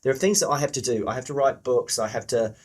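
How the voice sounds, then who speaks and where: Chatty middle-aged English podcast host. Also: male voice, mid-range voice, fast. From England. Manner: enthusiastic, chatty, swears casually. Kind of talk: podcast interview.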